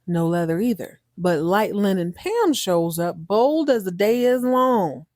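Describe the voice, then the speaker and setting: A woman hosts a podcast, recapping a soap opera in loose, slangy chatter. She laughs easily and keeps it animated. Her voice sits at a middle pitch and is recorded close to a dry mic. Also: a little slow, no room sound. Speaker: podcast host.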